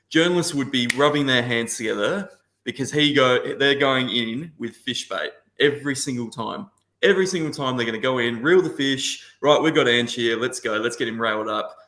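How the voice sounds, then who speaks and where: On a casual podcast panel over a video call, a man with a bright, forceful, mid-range voice talks passionately about football. He often circles back and restarts his sentences, and the room he's in sounds echoey.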